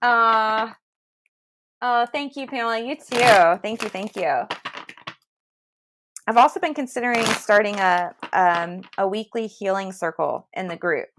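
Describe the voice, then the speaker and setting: There is background noise as a woman with a medium-pitched voice, in no hurry, reads tarot on a casual livestream from home through a computer mic. She chats warmly, reassures her viewers, and laughs a lot.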